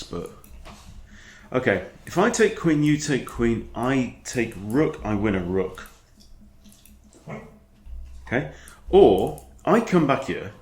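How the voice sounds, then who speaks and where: A man, a chess coach talking through his own game in a chatty, animated way. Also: fairly low pitch. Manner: chatty, animated, breaks off to scold his dog. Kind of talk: casual game commentary. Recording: echoey room.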